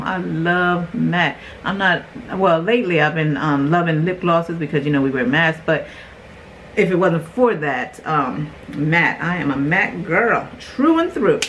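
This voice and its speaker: A woman's voice: on the low side, a little hiss or hum, low-quality recording. A middle-aged woman, chatting animatedly and exclaiming through a casual unboxing vlog. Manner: animated, exclaiming, quick asides. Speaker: beauty vlogger.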